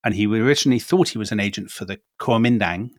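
A man's voice: lowish voice, quick pace, dry recording, clean studio sound. A man from Britain co-hosting a history podcast, telling the story in a wry, chatty way with asides. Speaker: podcast co-host.

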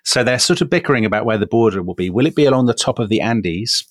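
A man's voice: medium pitch, animated, fast talker, no echo, clean studio sound. An English man co-hosting a history podcast, telling the story with enthusiasm and frequent chuckles. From England. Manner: enthusiastic storytelling, chuckles often, addresses co-host by name. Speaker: podcast co-host. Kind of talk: casual history podcast chat.

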